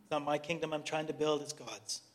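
A man's voice: fairly high pitch, steady tone, a little fast. A middle-aged man, director of a youth organization, earnestly sharing a personal testimony and then leading a prayer, talking conversationally and restarting sentences as he searches for words. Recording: long hall reverb.

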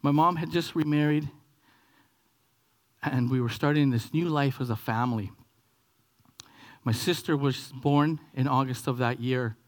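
This sermon comes from a Canadian man in his forties who speaks unhurriedly, leaving long pauses. Animatedly acting out a story from his childhood, he falls to whispers and climbs to excited high bursts.

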